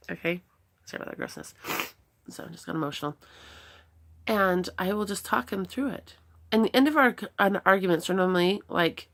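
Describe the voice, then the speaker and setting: A middle-aged woman talks through parenting advice in an earnest, reflective way. Her voice sits a little low and has a gravelly texture that stays through her talk. She acts out soft, patient replies as examples. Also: animated, fairly quick, long pauses.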